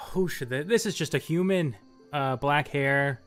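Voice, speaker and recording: A man running a tabletop game as game master, narrating loosely with frequent pauses and fillers. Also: a little high, faint music behind. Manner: loose, hesitant, with many fillers.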